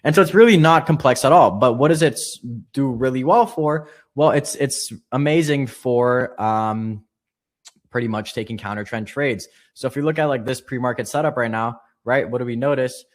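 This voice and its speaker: A man teaching a live online trading lesson, explaining quickly and casually with fillers. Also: mid-range voice. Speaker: trading instructor.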